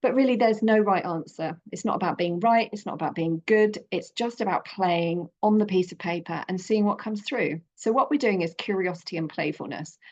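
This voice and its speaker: A woman guiding a creative journaling workshop in a gentle, encouraging, loosely conversational way. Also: on the low side, moderate pace, few pauses, muffled recording. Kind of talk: guided creative workshop talk.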